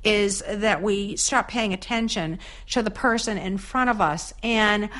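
A woman hosting a podcast interview, chatty and relaxed, with frequent fillers and restarts as she frames her questions. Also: mid-range voice, unhurried. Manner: chatty, many fillers and restarts, laughs easily. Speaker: podcast host.

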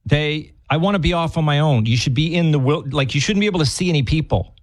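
A man's voice: fairly high pitch, fast talker, no room sound. A man with a Massachusetts accent in casual chat, rambling and laughing often, breaking off his own sentences.

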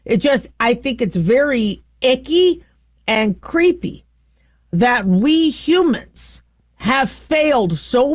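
A middle-aged woman hosting a casual commentary, talking in a chatty, animated way with frequent laughs and restarts. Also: high-pitched, no echo. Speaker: host.

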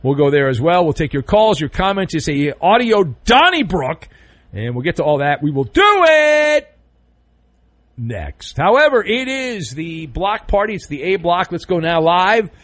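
A sports radio host with a fairly high male voice that leaps all over the place, swinging between big punchlines and muttered asides. He talks in a sarcastic, theatrical, jokey way, with the dry, close sound of a studio mic. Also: expressive, moderate pace, no echo. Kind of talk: animated sports talk monologue.

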